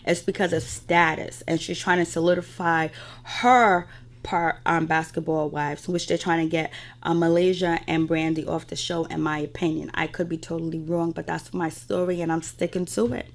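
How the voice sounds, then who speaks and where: A woman's voice: deep voice, little pitch movement, moderate pace. A woman in a casual spoken recap, chatty and opinionated, filling gaps with stock phrases as she goes. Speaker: reality TV recap host.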